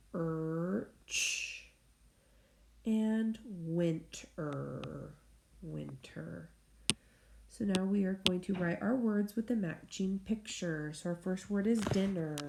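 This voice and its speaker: A woman teacher leading a recorded phonics lesson for young students, speaking slowly and clearly and cheering them on as she sounds out words. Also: mid-range voice, darkish tone. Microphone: tablet screen recording. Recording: echoey room with faint noise.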